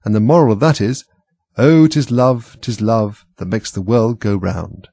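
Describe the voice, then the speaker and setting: A man's voice: mid-range voice, sing-song, fairly quick, vocal fry, a little mellow, slightly rough, no room sound, full character voice. A man voicing a fussy, moralizing old noblewoman in a storybook reading, drawn out and sing-song. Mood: preachy.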